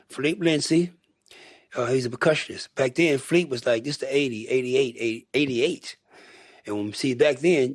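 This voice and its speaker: In a dry, studio-quality recording, an older man from Michigan, USA, speaks with a mid-range voice. He's a guest musician in a casual interview, rambling through stories and acting out other people's quotes.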